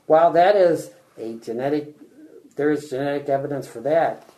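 Mellow-voiced man co-hosting radio. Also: medium pitch, rough recording. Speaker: radio co-host. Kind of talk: scripted radio dialogue.

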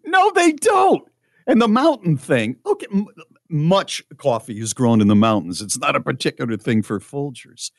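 Sardonic, animated male host. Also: a little high, moderate pace, no room sound, studio quality. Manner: incredulous, sardonic. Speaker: podcast host. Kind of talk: casual chat.

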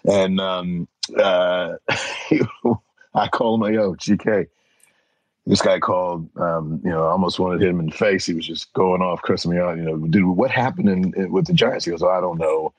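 Middle-aged man, interview guest, low husky voice, dry close sound, lively storyteller. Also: normal speed, no echo, poor audio. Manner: animated, acts out voices in anecdotes. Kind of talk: casual storytelling.

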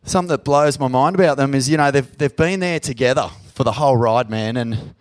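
A man with an Australian accent hosting a live podcast on stage in a pub, sweary and emotional, loud when he hypes up the crowd. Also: mid-range voice, fairly quick. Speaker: podcast host. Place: pub venue with live audience.

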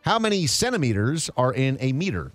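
Radio guy doing a quiz in the studio, teasing, pitch jumps around a lot. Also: a little fast, soft background music. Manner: lively, teasing quizmaster. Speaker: radio host. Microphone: studio microphone.

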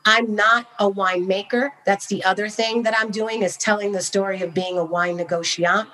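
A woman from Napa, California, chatting as an interview guest. She tells her story with animated enthusiasm, full of casual fillers, in a voice of medium pitch. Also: normal speed, rough recording. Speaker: podcast guest, wine entrepreneur.

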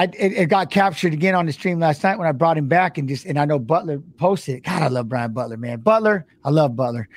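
A middle-aged man telling an emotional story, halting and repeating himself, close to tears. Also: a little high, no room sound. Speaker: former fighter and guest.

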